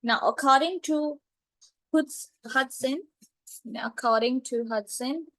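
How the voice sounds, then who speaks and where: Woman teacher, higher voice, very slow deliberate delivery, repeats herself. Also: a bit bright, no echo, poor audio. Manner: slow, repetitive, checks understanding with "right?" and "clear?". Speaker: literature teacher. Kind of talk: classroom lecture.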